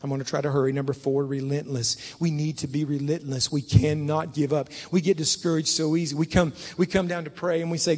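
Fervent high-voiced preacher in a reverberant church. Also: male voice, fairly even intonation, brisk, hardly any pauses. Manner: fervent preaching that swings from hushed to loud. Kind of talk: sermon. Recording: long hall reverb.

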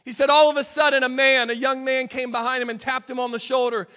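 A man delivers a sermon as a dramatic story. His voice sits very high and sounds bright and forceful. A long reverb from the church hall trails each phrase. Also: little pitch movement, fast. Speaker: pastor. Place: church sanctuary.

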